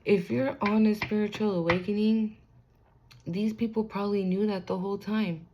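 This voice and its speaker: A woman's voice: mid-range voice, fairly even intonation, moderate pace, lo-fi sound, noisy background. A young woman giving a casual spiritual card reading to the camera, talking in a loose, slangy way, swearing freely and speaking straight to the viewer.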